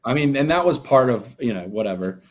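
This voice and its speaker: A man co-hosting a casual podcast chat, talking in a loose, halting way with many fillers. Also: medium pitch, animated. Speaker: podcast co-host.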